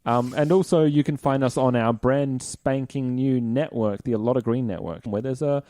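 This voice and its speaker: A man's voice: mid-range voice, fairly even intonation, normal speed, mellow, no room sound. A man co-hosting a podcast in casual banter, self-mocking while he reads out the plugs and sign-off. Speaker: podcast co-host.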